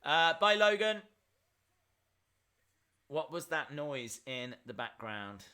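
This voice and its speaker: A man's voice: fairly high pitch, very animated, slow, bright, forceful tone, smooth. A man hosting a live reaction stream, chatting and answering viewer questions as they come in.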